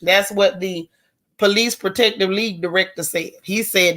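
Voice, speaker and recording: A woman hosts a live stream. She talks in a folksy, outspoken way and answers viewer comments as she goes. Her pitch sits in the middle range. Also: fairly even intonation, normal speed, fairly bright tone. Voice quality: raspy. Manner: chatty, folksy and outspoken, with Southern colloquial phrasing. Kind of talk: casual live-stream chat.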